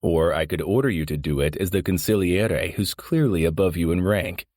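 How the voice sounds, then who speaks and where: A man's voice: low voice, moderate pace, a little mellow, dry recording. A man voicing a young mafia consigliere who speaks with dry, gleeful menace. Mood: menacing. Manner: dry, menacing, mock-regretful.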